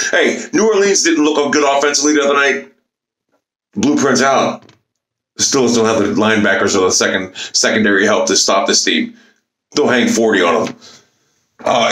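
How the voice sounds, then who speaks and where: A man's voice: medium pitch, a bit bright. A man and YouTuber ranting about football to his camera, profane, boastful and repetitive. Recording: echoey room.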